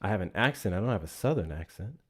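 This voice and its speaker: A man's voice: sits low, lively intonation, quick pace. A man hosting a live call-in politics stream, arguing bluntly with callers, swearing often and stumbling over repeated words.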